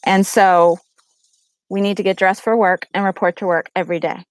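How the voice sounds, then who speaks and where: Middle-aged woman, faith vlogger, animated storytelling, earnest and urging, dry close sound. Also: medium pitch, moderate pace, no echo, rough recording. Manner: animated storyteller acting out quotes in raised voices. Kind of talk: casual testimony to camera.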